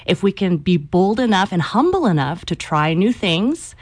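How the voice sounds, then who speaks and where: A woman's voice: fairly low pitch, big pitch swings, normal speed, slightly rough. A woman author speaking as a guest in an interview, earnest and encouraging. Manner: earnest, encouraging, faith-focused. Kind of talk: interview conversation.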